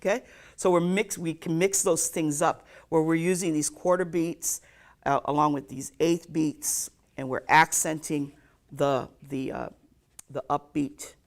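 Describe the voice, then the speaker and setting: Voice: medium pitch, steady tone, measured pace, soft background music. A ukulele teacher giving a live online lesson, counting beats aloud and checking in with "okay?" after nearly every point.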